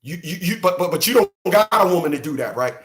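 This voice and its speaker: A man's voice: on the high side, expressive, fast. A man from the New York–New Jersey area, hosting his channel and ranting on a live stream in a profane, repetitive, emphatic way, laughing often. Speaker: channel host. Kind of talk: unscripted live-stream rant.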